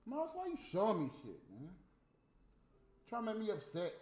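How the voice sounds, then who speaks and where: A man with a high-sitting, darkish voice and huge pitch swings speaks at a moderate pace. Smoking a cigarette, he rants profanely and casually, heatedly mocking people who aren't present, in an echoey room with faint music.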